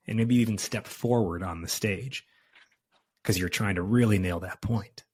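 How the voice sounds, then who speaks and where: A man's voice: fairly low pitch, moderate pace, darkish tone, breathy edge. A man hosting a podcast, talking in a casual, conversational way. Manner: casual, conversational, uses fillers like "like". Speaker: podcast host. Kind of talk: podcast interview.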